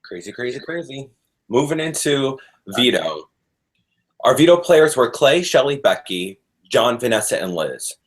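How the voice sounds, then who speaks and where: A man's voice: medium pitch, big pitch swings, measured pace. A male co-host ranting in casual chat and swearing heavily.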